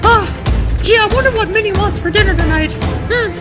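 A woman voicing a manic, squeaky male cartoon mouse in a student comedy sketch, shrieking and rambling. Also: brisk, over loud music, poor audio. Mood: frantic.

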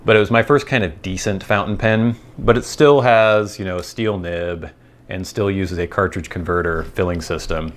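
A man's voice: deep voice, fairly even intonation, normal speed. An American man hosting his channel, talking in a chatty, digressive, amused way. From United States. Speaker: host. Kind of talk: casual rambling monologue.

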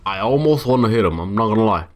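A man's voice: on the low side, expressive, fast, soft background music. A young man casually commenting on his own gameplay, talking to himself with exasperated outbursts. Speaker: gamer. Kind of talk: let's-play commentary.

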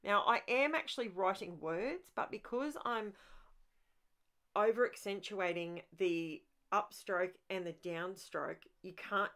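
This crafting video's host has a medium-pitched, fairly bright voice. She chats her way through the process, thinking aloud, restarting often, and bubbling with enthusiasm for messy art play.

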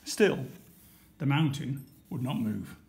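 Slow, deliberate male storyteller. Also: medium pitch, expressive, creaky, darkish tone, slight background noise. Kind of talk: reading a picture book aloud.

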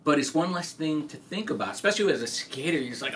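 A man's voice: fairly high pitch, lively intonation, quick pace. A male podcast host chatting casually with a guest in a laid-back, slangy way. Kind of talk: casual interview chat. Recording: distant mic with faint noise.

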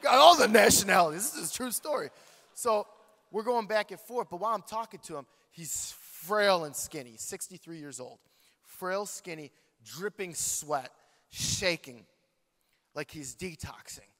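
A man's voice: high-pitched, unhurried. A man preaching a sermon, telling a story with jokes and calling out to the congregation. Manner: animated, joking, talks to the congregation. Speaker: pastor. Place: large church hall. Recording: long hall reverb.

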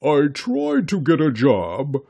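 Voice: medium pitch, wildly swooping pitch, slow pace, creaky, warm tone, pitched above the performer's own voice, full character voice. 語り手が演じるすねた大きなブロブの怪物。絵本の読み聞かせで、言い訳がましく泣き言っぽい口調で、少し大きめの声でゆっくり話す。. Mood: whiny. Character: big sulky corn-eating blob creature. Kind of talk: storybook reading.

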